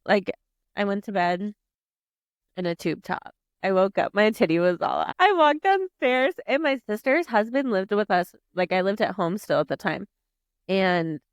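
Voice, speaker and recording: Animated young woman telling a story. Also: medium pitch, smooth, dry recording. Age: 20s. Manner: animated, swears freely, heavy use of "like". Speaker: podcast guest. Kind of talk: casual storytelling.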